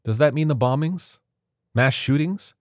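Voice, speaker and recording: A man voicing a violinist panicking in a basement during bombings, shrill and swearing. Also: a little slow, dry recording, clean studio sound, natural voice. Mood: alarmed. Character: panicked violinist in an air raid.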